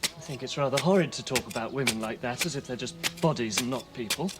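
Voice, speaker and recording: A man's voice: mid-range voice, fast talker, close to an everyday voice. A man playing a shy, earnest prisoner. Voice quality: mild, earnest. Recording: loud music behind.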